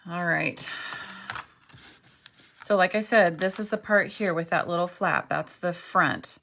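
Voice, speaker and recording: A woman's voice: on the low side, unhurried, creaky, sharp tone, slight background noise. A middle-aged woman teaching a card-making craft tutorial, chatty and self-deprecating, often checking in with "okay". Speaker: craft instructor.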